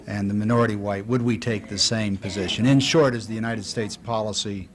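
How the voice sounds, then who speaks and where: A man in the audience poses a question from the floor, starting hesitantly and filling pauses with "uh". His voice is on the low side. Faint room noise sits behind him. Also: steady tone. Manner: hesitant, many fillers.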